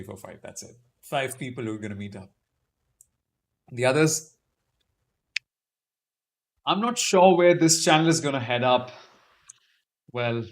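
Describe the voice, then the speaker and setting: A man hosting a casual live-stream Q&A, reading out viewer comments and answering them with chatty, self-deprecating humor. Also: mid-range voice. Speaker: YouTube live stream host.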